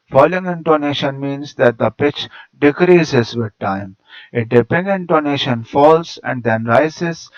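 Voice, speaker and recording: A man narrating an English phonetics lesson as a teacher, reading out the material in a measured, even way. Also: on the high side. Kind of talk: read-aloud lecture narration. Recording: dull lo-fi recording.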